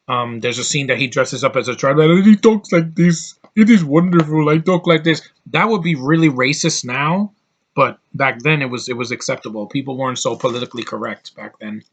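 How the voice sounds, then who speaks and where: A man's voice: mid-range voice, sharp tone. A man giving a casual, rambling movie review, with lots of fillers and restarts.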